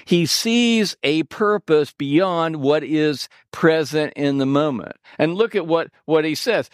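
Slow, dry-voiced male preacher. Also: on the high side, clear, resonant tone, no echo. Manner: animated preaching with sarcastic asides. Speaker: pastor. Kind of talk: sermon.

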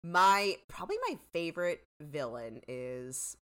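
A woman's voice: low-pitched, animated, unhurried, a bit bright. Chatty woman podcast co-host. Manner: chatty, lots of "like" and "you know", swearing. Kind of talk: casual chat.

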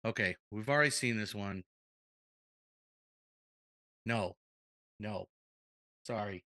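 A young man co-hosting a casual reaction chat, excitable and a bit out of breath, exclaiming and laughing often. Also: on the low side, slow. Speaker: co-host reacting to videos.

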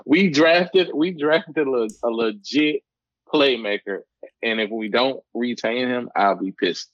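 A man co-hosting a casual sports chat, excitable and slangy. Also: medium pitch, slow pace, no room sound. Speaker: podcast co-host. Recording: dull, dry, lo-fi mic.

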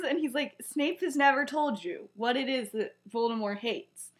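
A woman's voice: on the high side, animated, normal speed, few pauses. A young woman casually retelling a story on a podcast, chatty and full of "he's like" quotes. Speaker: podcast co-host.

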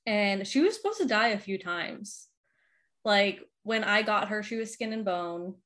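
A woman's voice: mid-range voice, expressive, a little slow, a bit bright. A woman in her thirties from the Boston area, chatting casually and laughing often, with lots of "like" fillers. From Boston area, Massachusetts. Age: 30s. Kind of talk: casual chat.

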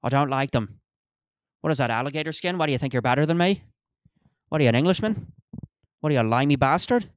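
Brawling Irish pub thug, put on by a man: loud, higher than his usual voice, in a put-on Irish accent. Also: expressive, fast talker, long pauses, no room sound, clean studio sound, natural voice. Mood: belligerent. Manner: belligerent, shouted taunts. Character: brawling male Irish pub tough, picks fights.

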